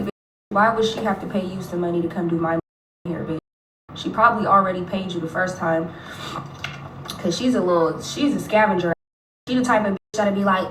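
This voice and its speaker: A woman tells gossip in an unfiltered, profane way during a casual livestream. The sound is roomy and echoey, picked up by a phone set some distance from her. There is a faint hum in the background. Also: medium pitch. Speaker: livestreaming rapper. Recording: echoey room, phone held away.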